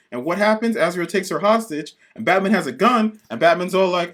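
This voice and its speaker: A man co-hosting a podcast, reviewing comics in excited, profane casual chat and acting out characters in quick bits. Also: sits high. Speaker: podcast co-host.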